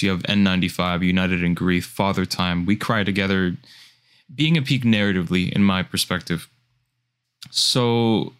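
Guy with a lowish voice reviewing an album on a podcast, laid back, restarts a lot. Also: clean tone. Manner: relaxed, opinionated, with filler restarts. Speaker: podcast co-host. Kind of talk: casual album review chat.

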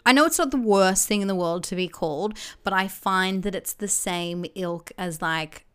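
A woman's voice: medium pitch, moderate pace, clean tone. A woman co-hosting a podcast, chatting casually with wry, teasing banter. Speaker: podcast co-host. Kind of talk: casual chat.

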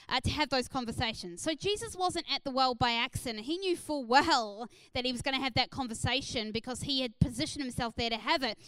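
High-voiced, earnest woman preaching. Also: a bit bright, smooth, no echo, low-quality recording. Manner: earnest and encouraging, with frequent "uh" fillers. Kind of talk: sermon.

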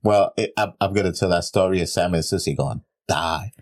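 A man's voice: low-pitched, fairly quick, dry recording, clean studio sound. A middle-aged man co-hosting a podcast in casual chat, swearing freely and laughing often. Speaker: podcast co-host.

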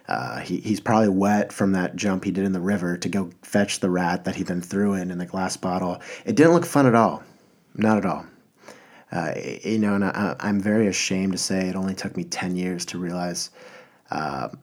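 A man's voice: sits low, slightly rough. A man hosting a podcast, talking in a rambling, enthusiastic way with lots of fillers and restarts. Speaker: podcast host. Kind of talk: casual podcast monologue.

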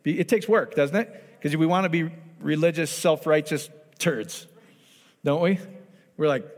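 A man preaching in a loose, animated way, his voice sitting a little higher than most men's. He keeps asking the room whether they follow him. His voice trails off into the long reverb of a church hall. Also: unhurried. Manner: animated, keeps checking in with the audience. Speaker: pastor. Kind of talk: conversational sermon to a congregation.

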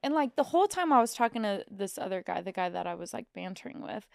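Chatty woman with a creaky voice. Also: mid-range voice, expressive, fast, no echo, studio quality. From Missouri. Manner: chatty storyteller, acts out quotes, swears freely. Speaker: podcast co-host. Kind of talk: casual chat.

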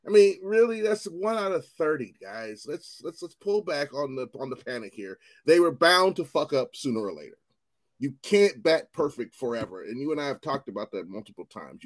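A man co-hosting a podcast in casual chat, animated and profane, rambling with restarts. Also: a little high. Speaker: podcast co-host.

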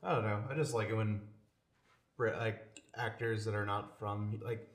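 A man's voice: on the low side, steady tone, normal speed. A young man co-hosting a movie podcast, making wry joking asides. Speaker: podcast co-host. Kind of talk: casual chat about movies. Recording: roomy echo.

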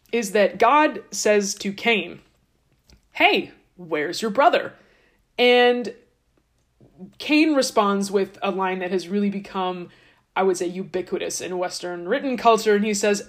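Casting: a woman host, chatty and irreverent, full of sarcastic asides. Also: medium pitch. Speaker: podcast host. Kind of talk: casual irreverent storytelling.

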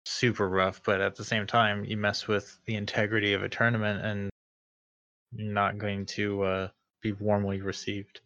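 A man's voice: fairly low pitch, flat delivery, normal speed, a bit bright, no room sound. A man co-hosting an esports podcast, commenting in a wry, casual way. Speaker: podcast co-host. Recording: dull, dry lo-fi mic.

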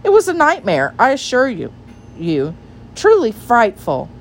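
A woman voicing a fussy, genteel male frog gentleman who talks in a prim, cross manner. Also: fairly high pitch, wildly swooping pitch, a little slow, a little hiss or hum, voice pushed up, full character voice. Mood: dramatic.

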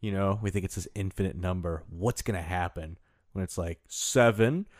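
A man's voice: low voice, steady tone, brisk, darkish tone, no room sound, clean studio sound. A man co-hosting a podcast, chatting casually in a playful, jokey way and laughing often. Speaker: podcast co-host. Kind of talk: casual banter.

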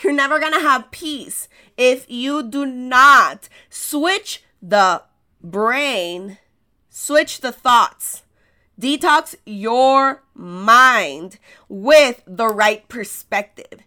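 A woman's voice: on the high side, drawn-out words, bright, forceful tone. A woman with an American accent, a native Spanish speaker, hosting a podcast in a casual motivational monologue, telling stories with rhetorical questions and laughing at herself. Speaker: podcast host.

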